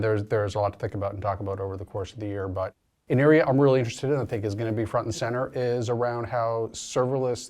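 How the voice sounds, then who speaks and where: A man's voice: on the low side, a little mellow. A man with a Boston accent, co-hosting a casual chat as an industry analyst, chatty and thinking aloud. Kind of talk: casual discussion.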